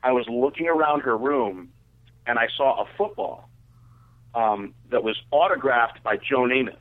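A man's voice: mid-range voice, animated, moderate pace. A man telling a long, crude personal story in a loose, rambling way, full of "like" and restarts. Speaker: guest telling a story on a radio show. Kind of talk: casual storytelling. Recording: phone-like radio audio.

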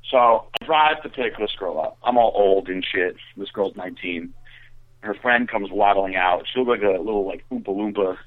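Brief: low-pitched man, rambling profane storyteller, tinny phone-like audio. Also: moderate pace, dry recording. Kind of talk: casual anecdote.

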